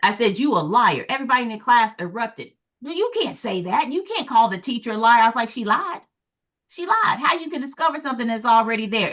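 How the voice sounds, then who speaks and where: Lively, bright-voiced Southern woman storyteller. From American South. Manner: animated storyteller, acts out quotes with big pitch jumps. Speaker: guest speaker, former teacher and parent. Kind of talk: storytelling in a talk show discussion.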